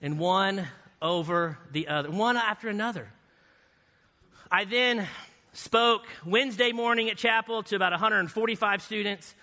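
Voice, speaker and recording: A man giving a guest sermon in a church, telling a lively story with playful asides. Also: sits high, moderate pace. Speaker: guest speaker. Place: church sanctuary. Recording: reverberant church hall.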